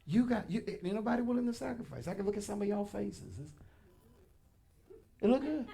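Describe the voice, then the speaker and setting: A man pastor preaching a sermon in a church, animated and colloquial, addressing the congregation directly with punchy asides. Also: sits high, fast, gravelly. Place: church sanctuary.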